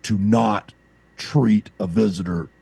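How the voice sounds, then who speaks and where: A man's voice: on the low side, slow pace, vocal fry, breathy edge, no room sound. A man from the American South, co-hosting a podcast and telling long rambling stories in casual chat. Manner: rambling anecdotal storyteller, animated. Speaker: podcast co-host.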